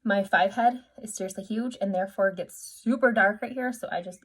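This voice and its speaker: A woman's voice: medium pitch, brisk, slightly rough. A woman talks straight to the camera in a casual makeup tutorial for her customers. She is chatty and upbeat, pokes fun at herself, and walks through each step in a friendly, everyday voice. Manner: chatty, upbeat and self-deprecating. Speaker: makeup artist.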